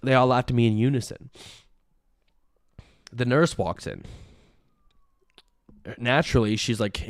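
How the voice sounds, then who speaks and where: Smooth-voiced rambling comic man. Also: mid-range voice, unhurried, pauses often, dry recording, studio quality. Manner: rambling, self-pitying, breaks into laughter. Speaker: comedian. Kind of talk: deadpan comic monologue.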